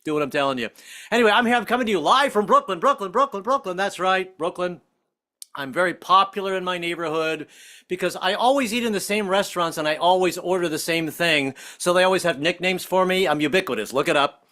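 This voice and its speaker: A man in his fifties doing a jokey stand-up set over a video call from home, breaking into shrill voices for the people in his stories. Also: fast, bright, forceful tone. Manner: jokey, acts out other voices in high shrill tones. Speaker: stand-up comedian. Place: home, streaming live.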